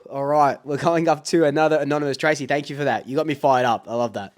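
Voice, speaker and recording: An Australian man runs a casual fan talkback show in a voice that sits slightly high. He gets fired up and rants, hammering the same points again and again. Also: fairly even intonation, quick pace. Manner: fired-up, ranting, repeats himself. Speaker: fan talkback radio host.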